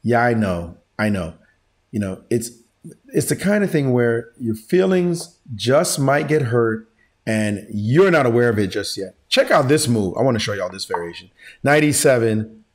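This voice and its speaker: Excitable man teaching chess. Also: mid-range voice, normal speed. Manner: excitable, slangy, exclamatory. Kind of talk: animated chess lesson.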